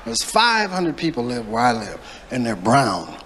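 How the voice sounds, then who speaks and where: A man's voice: mid-range voice, wildly swooping pitch, unhurried, fairly bright tone, big-room sound, a little hiss or hum. A man doing a blunt, profane stand-up routine with lots of emphasis. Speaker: stand-up comedian.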